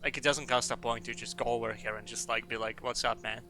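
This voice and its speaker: A man's voice: medium pitch, fairly even intonation, fast talker, creaky, sharp tone, a little hiss or hum. A man streaming a game, rambling and joking with casual swearing. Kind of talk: casual gameplay commentary.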